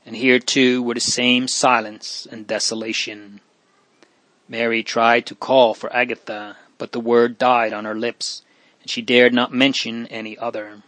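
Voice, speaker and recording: A man narrating an audiobook in a hushed, solemn and measured way, with a steady, flat melody at a mid pitch. The recording is close and dry, with no room sound behind him. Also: dry recording. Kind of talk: audiobook reading.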